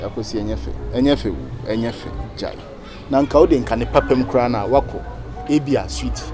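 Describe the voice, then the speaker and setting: An actor playing a friend who scolds and lectures insistently, with a Ghanaian accent. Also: male voice, medium pitch, brisk, music in the background, natural voice. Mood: scolding. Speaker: friend giving advice. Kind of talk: Ghanaian comedy film acting.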